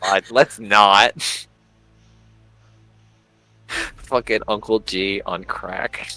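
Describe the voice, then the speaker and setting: Male player, snarky and profane, low but crisp-toned. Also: fairly even intonation, extremely slow, sharp tone, dry recording, faint music behind. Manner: blunt, sarcastic, swears freely. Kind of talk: casual tabletop game chat.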